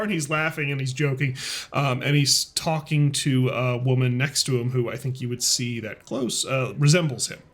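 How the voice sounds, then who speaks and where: A man's voice: mid-range voice, fairly bright tone. A man narrating as game master in a tabletop game, casual and amused, with many fillers.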